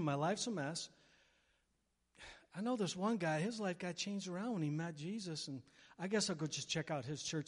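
A man with a high voice preaches with lively energy, slipping into character voices and building to loud peaks. His voice rings out with a long echo in a large church hall. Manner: animated preaching with sudden loud bursts and acted-out quotes. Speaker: pastor. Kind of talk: sermon.

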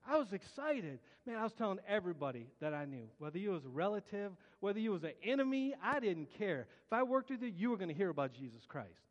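Male pastor, testimony sermon, fairly high voice, long hall reverb, earnest and plainspoken. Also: very animated, fast talker, few pauses, highs cut off. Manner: earnest, colloquial storytelling with stammered restarts.

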